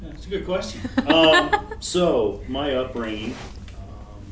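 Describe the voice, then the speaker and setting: A man's voice: medium pitch, huge pitch swings, takes it slowly, creaky, noisy background. A singer-songwriter man from Florida, answering interview questions in an easygoing, hesitant way. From Florida, USA. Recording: roomy, distant mic.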